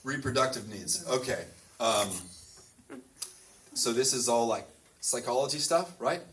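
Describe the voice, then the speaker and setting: A man's voice: mid-range voice, a little slow, fairly bright tone, recorded from a distance. A priest gives an informal talk to a youth group. He is a man who rambles cheerfully, dropping "like" into nearly every phrase and breaking into laughter. Faint noise sits behind his voice. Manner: chatty, full of "like" fillers, laughs often. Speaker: priest and school chaplain. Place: boys' school in the US South.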